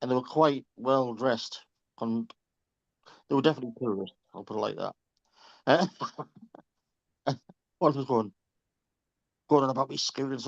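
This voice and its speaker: A man's voice: medium pitch, brisk, long pauses, dry recording. Group-call regular: man with a mid-range voice, chatty and profane, slightly muffled dry recording. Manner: chatty, swears freely, laughs through stories. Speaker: reading group member on a group call. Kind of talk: casual anecdote telling.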